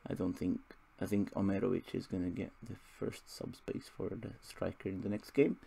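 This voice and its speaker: A man's voice: deep voice, little pitch movement, normal speed, creaky, dark tone, husky. A young man casually commentating his football management game, rambling and joking at his own expense. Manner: rambling, self-deprecating, chuckling asides. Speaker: gaming video host.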